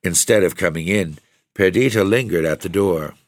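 A man narrating a gothic story with a measured, deliberate reading. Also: sits low, no echo, studio quality. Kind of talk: scripted narration of a gothic tale.

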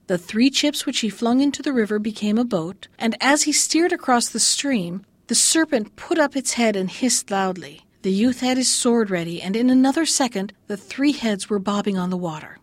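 A woman's voice: lively intonation, normal speed, hardly any pauses, dry recording. A woman reading an old fairy tale aloud, lifting her voice for the quoted lines. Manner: lifts pitch for quoted lines. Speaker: storyteller.

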